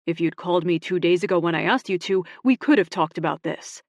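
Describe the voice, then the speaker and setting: A woman narrator voicing a blunt, possessive young man with loud, clipped delivery. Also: on the low side, a little fast, no echo, clean studio sound, natural voice. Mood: heated.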